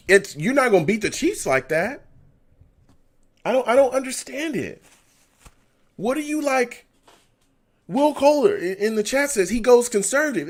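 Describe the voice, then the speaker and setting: Exasperated man venting on a live stream. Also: extremely high pitch. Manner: exasperated, venting, reads chat aloud. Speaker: fan livestream host. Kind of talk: live game reaction stream.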